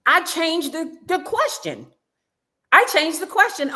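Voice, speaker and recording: A woman's voice: extremely high pitch, very animated, a little slow, pushed and bright. A woman guest in a casual interview, telling a story with animation and acting out what others said. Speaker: reality show cast member guest. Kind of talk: casual interview, recounting events.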